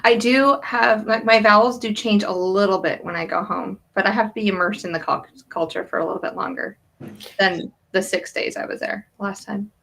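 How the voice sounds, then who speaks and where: A woman's voice: medium pitch, fairly even intonation, normal speed, creaky, fairly bright tone. A woman with an upstate New York accent, co-hosting in easygoing casual chat with short replies and laughs. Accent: New York State.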